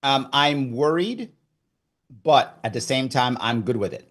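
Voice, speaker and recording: A middle-aged man from New York, a guest in a casual interview, telling his story in an animated way and acting out his own past thoughts. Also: medium pitch, unhurried. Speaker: guest, former governor candidate.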